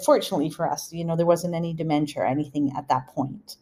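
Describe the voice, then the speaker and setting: A woman's voice: deep voice, a little fast, few pauses, darkish tone. Chatty middle-aged woman telling stories. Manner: chatty, laughing asides, shifting pace. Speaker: podcast host. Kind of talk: casual storytelling.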